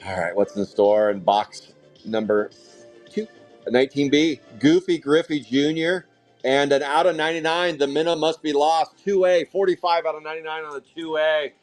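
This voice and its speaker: A man's voice: a little high, normal speed, soft background music. A man hosting a live trading card break, calling out each pull with hype-filled, casual commentary and the odd curse. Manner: hype-driven, excitable calling of card pulls, casual swearing.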